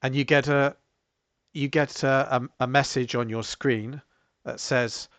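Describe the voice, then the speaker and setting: A man runs a tabletop game, narrating slowly and picking his words with little pauses. His voice sits at an ordinary middle pitch. The sound is dry and close, with no room around it. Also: steady tone, a bit bright, no room sound. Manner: unhurried, hesitant narration with fillers. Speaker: game master.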